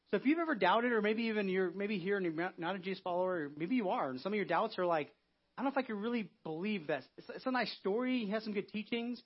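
Casual pastor, male, high husky voice, chatty delivery, dull lo-fi church recording. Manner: conversational, acting out biblical quotes. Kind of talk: Easter sermon.

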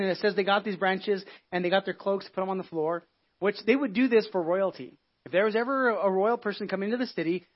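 A man preaching a casual, conversational sermon as a pastor, telling the story in an animated way with many restarts and asides. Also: sits high, lo-fi sound. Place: church.

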